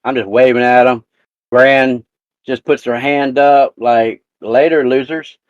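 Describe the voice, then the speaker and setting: A man's voice: mid-range voice, little pitch movement, measured pace, clear, resonant tone, no room sound, muffled recording. A man hosting a live talk show, telling a profane family story in casual chat.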